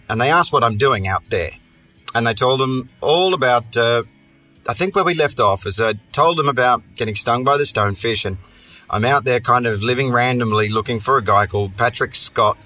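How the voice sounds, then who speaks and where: Man, podcast host, bright edgy tone, swears freely, rambling sarcastic storyteller, faint music underneath. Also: mid-range voice. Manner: profane, sardonic, rambling asides. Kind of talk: casual storytelling monologue.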